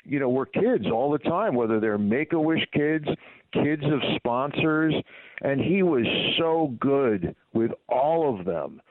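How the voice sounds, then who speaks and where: This is a middle-aged man with an expressive mid-range voice, speaking slowly on a radio show. He once served as a baseball PR director, and his casual stories wander with lots of fillers and restarts, heard through a dry, tinny phone line.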